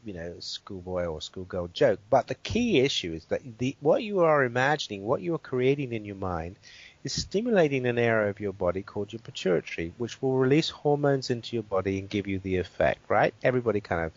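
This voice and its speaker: A man who is a guest expert, calmly walking through a guided exercise and checking in with the listener as he explains. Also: mid-range voice, dry recording. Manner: measured and explanatory, checks in with "right?". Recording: dull, dry interview audio.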